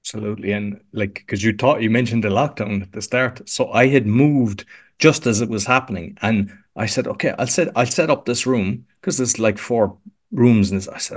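A man's voice: on the low side, normal speed. An Irish man, a podcast coach, chatting casually as an interview guest, rambling with lots of restarts and fillers. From Ireland. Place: home podcast room.

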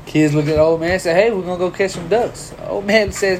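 A man's voice: fairly high pitch, brisk, few pauses, darkish tone, a little hiss or hum. A man hosting a casual podcast, teasing his co-hosts and telling jokes in a loose, profane way. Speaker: podcast host.

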